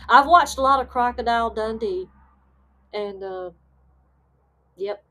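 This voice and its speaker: A woman's voice: on the high side, slow, long pauses, a bit bright. A woman with a Southern American accent hosting a live stream, chatting casually and easily breaking into laughter. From Southern United States. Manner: laid-back, chatty, laughs easily, many fillers. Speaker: host of a live paranormal stream. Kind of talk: casual chat reading live comments.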